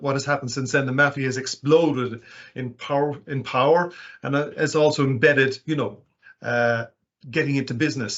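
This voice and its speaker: Guy giving an expert rundown on a webcast, lots of uhs and restarts, mid pitch, dull muffled sound. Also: fairly bright tone. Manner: discursive, with many fillers and restarts. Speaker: guest speaker, financial crime publisher.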